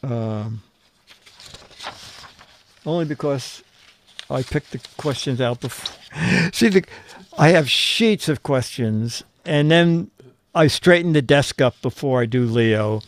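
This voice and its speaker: A man's voice: medium pitch, unhurried, dry recording. A man hosting a casual streamed show, reading viewer answers aloud, fumbling through his papers and chuckling at the jokes. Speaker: show host.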